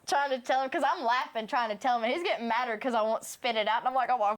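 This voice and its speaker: Fast-talking Tennessee woman with a twang. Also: fairly high pitch. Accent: Southern US, Tennessee. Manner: scatterbrained, crude, laughing storyteller. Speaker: podcast guest. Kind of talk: casual podcast chat.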